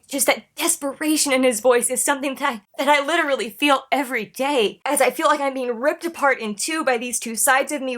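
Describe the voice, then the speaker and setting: A woman in her thirties talks through a reaction video in a casual, earnest way, emotional and searching for words as she restarts sentences. Her voice sits a little on the high side. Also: fairly bright tone. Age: 30s.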